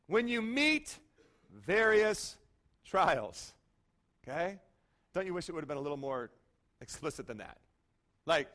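A male pastor preaching a sermon in a lively, conversational way, often checking in with "okay?". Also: high voice, normal speed.

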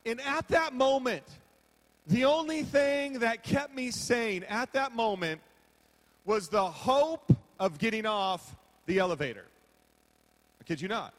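A man's voice: very high-pitched, lively intonation, a little slow, long reverb tail. A man preaching a sermon as pastor from a podium, telling stories with humor and acting out his own reactions. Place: large hall with a podium.

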